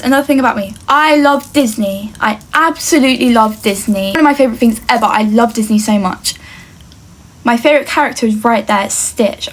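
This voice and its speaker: A young woman from England talking earnestly to camera in a casual get-to-know-me vlog, chatty and fond of saying "like". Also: mid-range voice. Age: young adult. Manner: chatty and earnest, often says "like" and "obviously". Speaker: vlogger.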